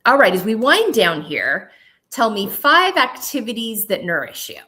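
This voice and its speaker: A woman's voice: on the high side, very animated, moderate pace, pushed and bright, slight background noise. A woman hosting a podcast, affirming and encouraging as she responds to her guest and moves the conversation on. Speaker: podcast host. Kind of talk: conversational interview.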